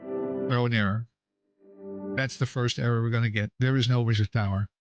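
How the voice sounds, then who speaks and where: A man's voice: mid-range voice, steady tone, quick pace, highs cut off. Dude riffing on his own game, wry and teasing, laughing a lot, music in the back. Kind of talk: casual gameplay commentary. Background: background music.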